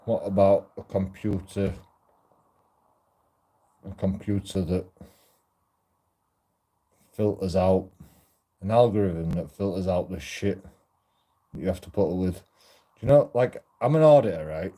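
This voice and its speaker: An auditor vlogger walks outdoors, rambling and swearing in a casual monologue and often cutting himself off mid-sentence. His voice is low and mellow, a little slow, with long pauses.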